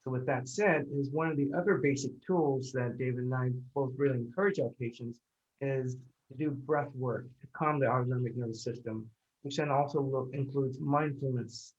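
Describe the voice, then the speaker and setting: Guy explaining stuff with lots of uhs and restarts, kinda dull low-fi audio. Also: a little mellow. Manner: halting, many fillers and restarts. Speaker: pain psychologist. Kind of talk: conversational explanation.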